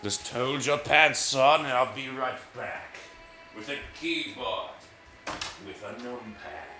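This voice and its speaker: A man's voice: mid-range voice, takes it slowly, over loud music. A man rambling through casual, self-mocking commentary while he plays brain-training games. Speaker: gaming video host.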